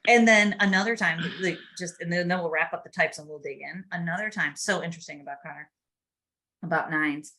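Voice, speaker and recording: A woman's voice: on the low side, brisk, pushed and bright. A middle-aged woman hosting a podcast, telling family stories in a chatty, casual way with laughs. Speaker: podcast host. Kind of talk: casual chat.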